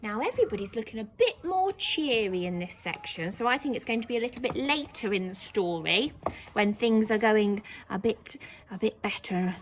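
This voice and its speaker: A woman with an English accent teaching young children, speaking slowly and clearly and acting out characters' lines in big high voices. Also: big pitch swings, slight background noise. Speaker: primary school teacher.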